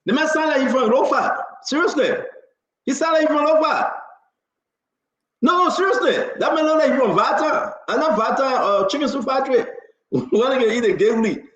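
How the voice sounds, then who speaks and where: A man's voice: very high-pitched, lively intonation, normal speed, a bit bright, reverberant. A man with a Liberian English accent, co-hosting a casual talk show, emphatic and laughing, firing off rhetorical questions. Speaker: co-host.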